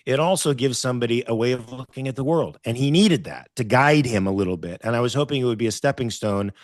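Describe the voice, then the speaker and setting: A man hosting a casual chat, speaking in a relaxed, reflective way with many hesitations. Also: mid-range voice, fast, no echo, clean studio sound. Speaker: host.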